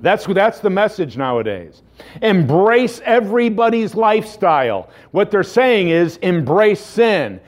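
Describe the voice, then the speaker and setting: A man's voice: high voice, big pitch swings, measured pace. A man preaching a sermon, earnest and emphatic, asking rhetorical questions of his congregation. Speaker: pastor.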